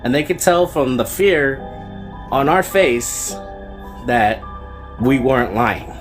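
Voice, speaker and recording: A man's voice: mid-range voice, expressive, takes it slowly, faint music behind. Casual man telling a ghost story. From Fresno, California. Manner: casual, rambling with fillers like "like" and "bro". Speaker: storyteller guest.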